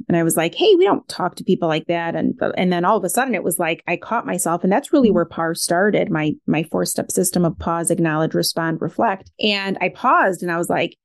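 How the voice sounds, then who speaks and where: A middle-aged woman speaking as a parenting expert guest in a podcast interview, candid and reflective, often saying "like". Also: lowish voice. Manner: reflective, candid, many filler "like"s.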